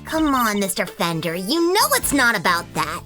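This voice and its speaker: A woman voicing a peppy, excitable young girl who shouts her lines in a fan voice-over of a game. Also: mid-range voice, moderate pace, over music, lightly acted. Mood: excited.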